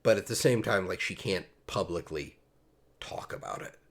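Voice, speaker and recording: Low-voiced rambling podcast host, a man. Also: expressive, normal speed. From Pennsylvania. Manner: rambling, self-mocking and jokey. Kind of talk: casual podcast chat.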